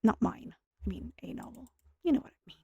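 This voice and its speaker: A tired woman giving soft-spoken, rambling commentary while she plays a game, with self-deprecating asides. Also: fairly quick, no echo, clean studio sound. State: tired, speaking softer and lower. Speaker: gaming streamer. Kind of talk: casual gameplay commentary.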